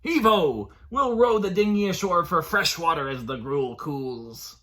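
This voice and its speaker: A man doing a booming pirate papa. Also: expressive, unhurried, a bit bright. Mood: hearty. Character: gruff pirate father, hearty and loud.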